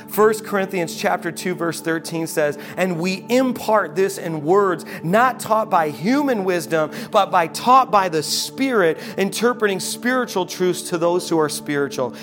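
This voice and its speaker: A man preaching a sermon as pastor, impassioned and emphatic, dropping soft and slow for the closing prayer. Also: high-pitched, lively intonation. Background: music.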